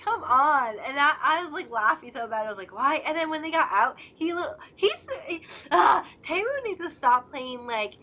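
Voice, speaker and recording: A woman's voice: sits high, animated, normal speed, hardly any pauses, pushed and bright. A young woman co-hosting a casual drama discussion, chatty and giggly, acting out scenes in quoted voices. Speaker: co-host of a drama discussion channel. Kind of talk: casual chat.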